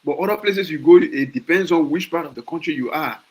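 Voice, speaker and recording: A Liberian man with a Liberian accent hosts a podcast, talking casually and passionately in a slightly high, brisk voice with a darkish tone. He keeps restarting phrases and throwing out rhetorical questions as he shares his opinions. The recording quality is low.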